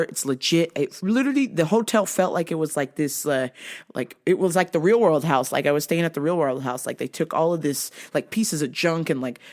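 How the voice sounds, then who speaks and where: A woman hosting a podcast, telling profane, joking stories in a casual comedic monologue and acting out sounds and voices. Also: low voice. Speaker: podcast host.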